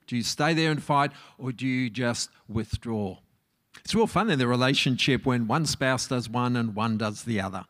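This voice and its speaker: A man's voice: mid-range voice, moderate pace, a bit bright. A middle-aged man talks to an audience as a marriage counsellor. His delivery is conversational and easygoing, and he often turns to them with questions. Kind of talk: relaxed talk to a live audience.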